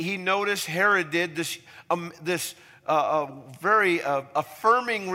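Pastor, male, bright forceful voice, sermon delivery with loud emphatic peaks, long hall reverb. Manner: preaching with sudden loud emphatic peaks and soft low asides.

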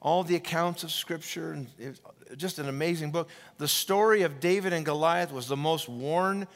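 A male pastor preaching a sermon, retelling scripture stories with lively energy and many restarts and repetitions. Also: on the high side, moderate pace. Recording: long reverb of a large hall.

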